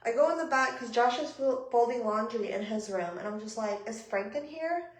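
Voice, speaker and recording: Animated high-voiced woman vlogger, roomy echo. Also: fairly quick. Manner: animated, profane, breathless retelling. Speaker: vlogger on a live stream greeting viewers. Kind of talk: casual storytelling.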